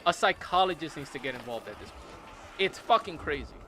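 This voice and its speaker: Bright-voiced ranting man. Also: fairly high pitch, brisk, slight background noise. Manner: incredulous, repetitive, animated. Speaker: gaming streamer. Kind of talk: casual rant while playing.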